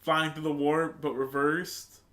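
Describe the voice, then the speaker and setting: A man co-hosting a podcast in casual chat, retelling scenes in an animated way. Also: fairly high pitch, a little slow. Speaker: podcast co-host.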